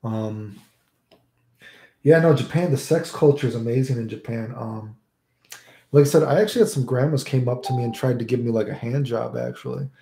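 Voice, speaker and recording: Here a man with a gravelly, warm, medium-pitched voice chats brisky on a stream, wandering from point to point while fielding viewer questions. He keeps adding "right?" to his lines, and the recording sounds roomy.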